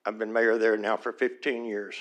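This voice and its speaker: A man's voice: lowish voice, flat delivery, normal speed, a bit bright. A man, a small-town mayor giving public comment at a city council meeting, earnest and pleading, his voice turning emotional as he repeats his requests.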